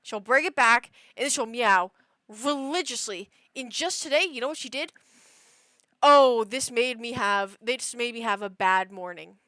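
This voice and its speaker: A woman livestreamer chatting casually, telling stories in an animated, exasperated way with lots of fillers. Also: fairly high pitch, moderate pace, no room sound. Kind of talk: casual chat.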